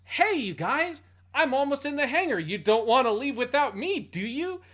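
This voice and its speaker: A man putting on a goofy, oblivious male pilot who reacts far too calmly to being shot. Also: normal speed, full character voice. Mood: goofy alarm. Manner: squeaky, exaggerated, goofy. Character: oblivious cheerful male pilot under attack.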